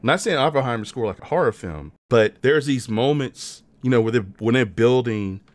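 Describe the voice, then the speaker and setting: A man's voice: medium pitch, animated, normal speed, no room sound, studio quality. A man co-hosting a podcast, giving a thoughtful, reflective critique of a film in casual chat. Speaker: podcast co-host. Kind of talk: casual movie review chat.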